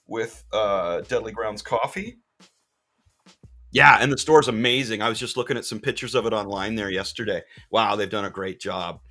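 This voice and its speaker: A man hosting a casual live-stream chat from his comic shop. He is jokey and excitable, with sudden loud bursts. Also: on the low side. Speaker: podcast host and comic shop owner.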